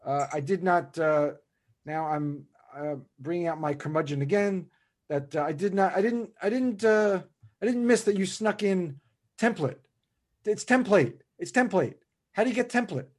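A man from New Jersey hosting a podcast, talking in a halting way with many "uh"s and a playful, teasing streak. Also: sits high, a little mellow. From New Jersey, USA. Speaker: podcast host. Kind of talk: podcast conversation.

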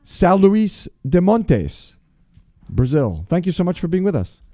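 A man hosting a radio show, talking casually and exuberantly, reading out listener shout-outs with playful alliteration. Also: sits high, very animated, unhurried, no echo, clean studio sound.

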